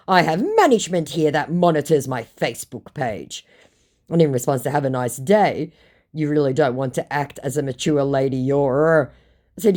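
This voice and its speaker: Dark-voiced sarcastic Australian woman. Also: low voice, expressive, normal speed. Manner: sarcastic, reads both sides of chats aloud. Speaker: scambaiter reading out chats. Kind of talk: casual narration reading chat messages.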